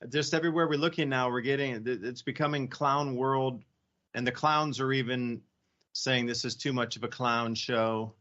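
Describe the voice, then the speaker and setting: Male talk radio host, mid-pitched, sarcastic asides, slightly muffled audio. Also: fairly even intonation, normal speed, fairly bright tone.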